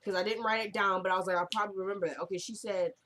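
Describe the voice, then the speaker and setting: A woman chatting casually through a recap of a TV episode, retelling the scenes line by line with lively, laughing asides. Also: mid-range voice, racing, slight background noise.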